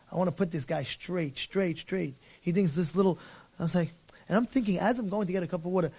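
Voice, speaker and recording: A high-pitched man preaching as a rabbi in a fiery Torah class. He swings between hushed storytelling and indignant outbursts, acting out the people in his stories and sprinkling in Hebrew and Yiddish terms. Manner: animated, mixes Hebrew and Yiddish words, acts out dialogue. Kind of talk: passionate Torah lecture.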